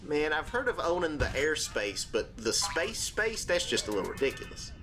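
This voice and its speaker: A man hosting a let's-play, talking in a rambling, jokey way with many fillers and sudden squeaky exclamations. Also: sing-song, normal speed. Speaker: gaming channel host. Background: game music.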